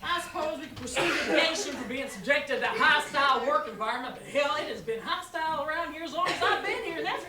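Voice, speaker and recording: An actress playing a gruff, salty-tongued veteran diner waitress, talking bluntly. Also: female voice, high voice, lively intonation, fast talker, few pauses, distant mic, crowd noise. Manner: blunt, salty, down-home drawl. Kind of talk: stage acting in a live play. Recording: echoey stage from afar, audience laughter, loud hiss.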